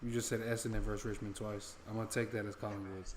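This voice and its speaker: A young American man co-hosting a footy watch-along, reacting excitedly and swearing casually as he reads chat aloud. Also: lowish voice, fast, slight background noise. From United States. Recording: roomy echo.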